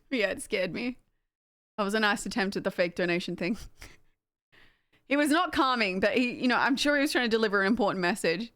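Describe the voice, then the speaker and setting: A woman's voice: medium pitch, animated, moderate pace, pauses often, a bit bright. A young woman, livestreaming and chatting casually with her viewers, rambling with lots of fillers and laughter. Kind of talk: casual chat with stream chat.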